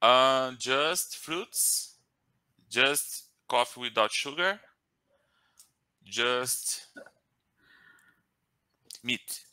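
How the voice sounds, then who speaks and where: Slow Brazilian man learning English. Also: mid-range voice, sharp tone, smooth, no echo. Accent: Brazilian Portuguese. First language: Portuguese. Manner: halting, searches for words, self-corrects. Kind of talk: casual chat in an online lesson. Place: home, video call.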